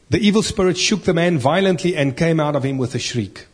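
A man's voice: fairly high pitch, expressive, fairly quick, few pauses, slightly rough. A man preaching a sermon, reading scripture and asking earnest rhetorical questions.

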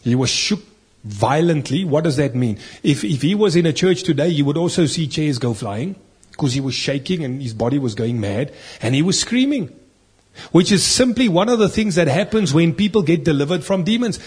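Husky preacher. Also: male voice, fairly high pitch, animated, moderate pace, a little mellow. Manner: earnest, emphatic preaching with rhetorical questions. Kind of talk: sermon with scripture reading.

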